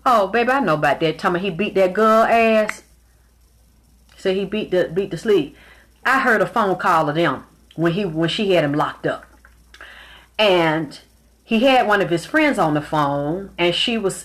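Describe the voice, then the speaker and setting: A woman's voice: lowish voice, normal speed. Blunt, profane woman spiritual reader. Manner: blunt, profane, animated storytelling. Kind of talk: casual monologue.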